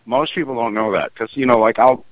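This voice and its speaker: A middle-aged man, a musician, talking in a casual interview, halting and full of restarts and fillers. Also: medium pitch, no echo, phone-quality sound. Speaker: musician guest.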